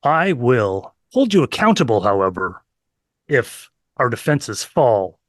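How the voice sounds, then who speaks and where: A man's voice: mid-range voice, big pitch swings, slow pace, fairly bright tone, no room sound. A pompous, boastful emperor, improvised by a man, full of self-praise. His voice sits mid-range and sounds dry and close. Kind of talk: improvised comedy role-play.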